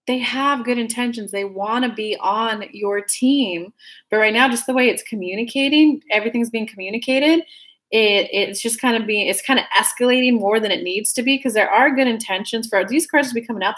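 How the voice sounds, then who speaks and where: Speaking a little fast in a fairly high, slightly bright voice, this woman does a relaxed tarot reading for her viewers. She rambles, frequently starts sentences over, and addresses everyone directly as "guys."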